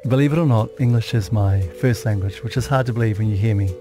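A man's voice: fairly low pitch, fast talker, warm tone, soft background music. A middle-aged man with a New Zealand accent, hosting a radio show in casual, joking banter and laughing often. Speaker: radio host. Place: radio studio.

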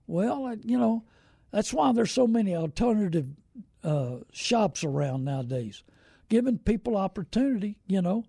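A man's voice: high voice, big pitch swings, moderate pace, creaky, mellow, husky, no room sound, clean studio sound. A middle-aged man, hosting a car-buying show in a casual, rambling, folksy way and greeting viewers by name. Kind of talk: casual live-stream talk.

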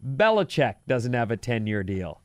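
A man's voice: mid-range voice, very animated, normal speed. A man co-hosting a talk show, trading casual banter and reading news stories with a wry, sarcastic edge. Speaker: radio show co-host.

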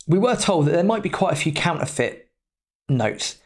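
A man's voice: fairly high pitch, sing-song, normal speed. Chatty man telling a story. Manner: chatty, loose, with mild swearing. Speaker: podcast host. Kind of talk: casual anecdotal storytelling.

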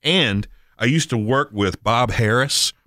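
A man hosting a radio show, chatting casually and telling animated stories. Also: medium pitch, a little slow, no room sound, clean studio sound. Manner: storytelling, animated in anecdotes.

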